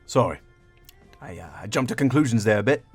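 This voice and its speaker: A man voicing a gruff, grumpy male town guard who is curt and quick to shout. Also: medium pitch, expressive, soft background music. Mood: sheepish.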